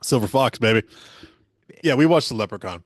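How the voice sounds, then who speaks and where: A man's voice: mid-range voice, lively intonation, fairly quick, dry recording, clean studio sound. A man hosting a podcast, leading loose, joking banter and rambling asides. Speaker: podcast host. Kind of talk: casual podcast chat.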